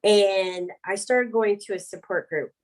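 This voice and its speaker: A middle-aged woman, an interview guest, telling her story candidly, frank and animated, laughing between words. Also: mid-range voice, measured pace, low-quality recording.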